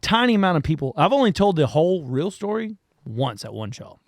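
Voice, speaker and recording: Man, guest musician, lively storyteller, slightly high voice, dry close sound. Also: brisk, no echo. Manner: animated storyteller, laughs often, swears freely. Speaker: band frontman and guest. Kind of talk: casual storytelling chat.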